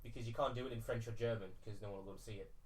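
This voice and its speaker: A man co-hosting a casual film podcast from England, animated and leading the segments. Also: medium pitch, rapid-fire. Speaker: podcast co-host. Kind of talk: casual chat. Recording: distant mic.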